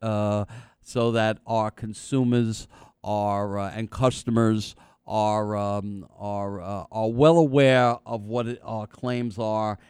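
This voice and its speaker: A man hosting a radio talk show, rambling and halting with many fillers, getting animated when he makes a point. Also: lowish voice, clean tone, no room sound, studio quality.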